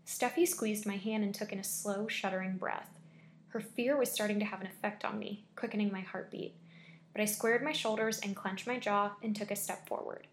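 A woman reading a scary story aloud with steady, measured storytelling. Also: mid-range voice, slight background noise. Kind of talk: scripted horror story narration.

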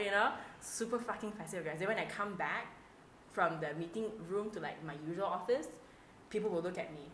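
A woman with a lilt tells stories on a casual podcast, acting out every line of dialogue with plenty of swearing. Her voice sits on the low side, and the room around her adds a noticeable echo. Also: fast talker, noisy background. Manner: animated storytelling, acts out dialogue, swears freely. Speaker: podcast co-host. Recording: roomy echo.

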